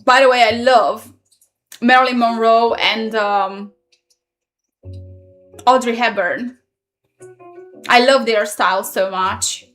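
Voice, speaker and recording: A woman's voice: fairly high pitch, fairly even intonation, slow pace, long pauses, fairly bright tone, soft background music. A woman in her thirties, not a native English speaker, chatting casually on a live stream and answering viewer comments. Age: 30s.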